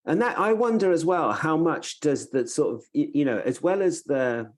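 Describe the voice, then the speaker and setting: A man's voice: fairly high pitch, lively intonation, moderate pace. Podcast cohost guy, curious, voice bouncing up and down a lot. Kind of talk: casual podcast interview.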